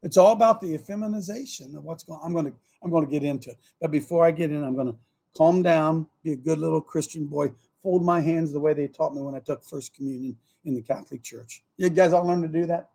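A man hosts a talk show with a husky, rather high voice. He rambles and repeats himself. He swings from loud outbursts to hushed asides. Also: fast. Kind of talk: fiery talk show monologue.

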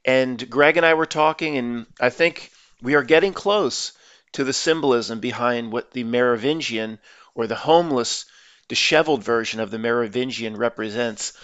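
A man's voice: medium pitch, a bit bright, no echo, muffled recording. A man giving casual video commentary in an earnest, emphatic way, laying out a theory.

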